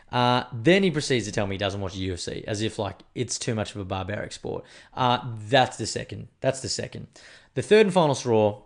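A man with an Australian accent telling a casual, animated story, swearing freely and acting out the people he quotes. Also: on the low side.

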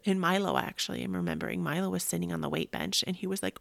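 A woman in her thirties hosting a podcast, telling a personal story in an animated way, with gasps and acted-out quotes. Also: lowish voice, brisk, vocal fry, dry recording. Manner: animated, gasping, acts out quotes. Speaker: podcast host.

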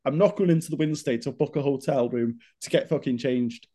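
A young man, a fitness coach co-hosting a casual chat, swearing freely as he tells an animated story. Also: mid-range voice, brisk. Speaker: fitness coach, podcast co-host.

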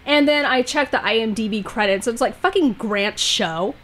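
Woman co-host, casual chat, slightly high voice, blunt and crude, mocking tone. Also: normal speed, fairly bright tone. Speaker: podcast co-host.

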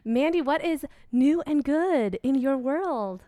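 A woman's voice: high-pitched, lively intonation, slow, dark tone, dry recording. A young woman co-hosting a podcast in casual chat, teasing and candid, rambling as she talks. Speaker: podcast co-host.

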